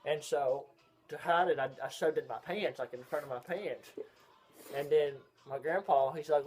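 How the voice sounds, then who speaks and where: A man's voice: fairly high pitch, fairly even intonation, normal speed, faint music behind. A young man, telling a story in rambling casual chat as a vlog co-host. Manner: rambling, drawling, with loud bursts of laughter.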